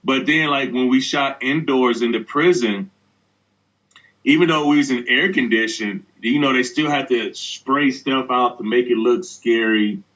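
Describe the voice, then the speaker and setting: A man's voice: mid-range voice, measured pace, a bit bright. A male actor as an interview guest, telling anecdotes in a laid-back way and laughing often. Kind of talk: relaxed interview storytelling. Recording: dull lo-fi sound.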